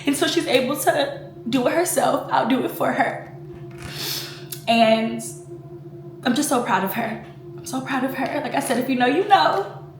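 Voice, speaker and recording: Young woman vlogger, high voice, chatty and teary, echoey room with faint hum. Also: normal speed, long pauses. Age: 20s. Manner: emotional, fighting back tears; chatty, full of fillers like "like" and "you know". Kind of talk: casual personal vlog talk.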